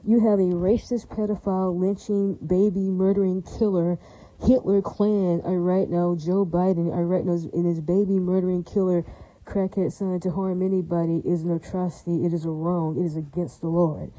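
A woman's voice: on the low side, level tone, moderate pace, warm tone, no room sound, low-quality recording. A woman delivering a heated, rambling monologue, repeating herself and circling back to the same verbal tics. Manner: heated and defiant. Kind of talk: ranting monologue.

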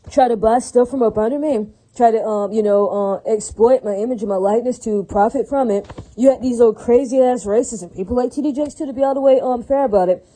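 A woman's voice: fairly high pitch, dark tone, breathy edge, rough recording. A woman ranting alone in an unscripted monologue, swearing freely and repeatedly asking whether her listeners follow. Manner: profane, repetitive, keeps asking "right?" and "does that make sense?".

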